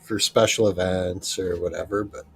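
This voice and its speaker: A man's voice: low voice, steady tone, normal speed, slight background noise. A man in a casual chat with friends, laid-back and blunt, cursing now and then.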